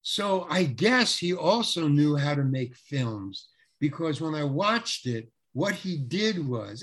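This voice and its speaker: A man with a husky, slightly breathy voice that sits a little high for a male speaker. He tells a story as an interview guest, lively and animated, often repeating himself and slipping into the voices of the people in his tale. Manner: animated, acts out quoted voices, repeats words. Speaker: actor telling a story.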